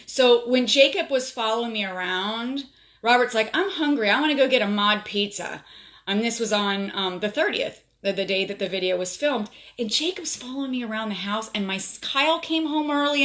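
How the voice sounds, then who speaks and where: A woman's voice: fairly high pitch, pushed and bright. Chatty woman from South Florida. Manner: chatty, emotional storytelling with many fillers. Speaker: livestream host. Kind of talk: casual live stream chat. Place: home. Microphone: phone.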